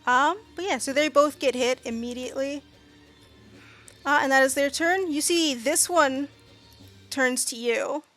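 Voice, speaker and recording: A woman's voice: sits high, unhurried, pauses often, fairly bright tone, soft background music. A woman running a tabletop game as game master, chatty and full of fillers as she narrates.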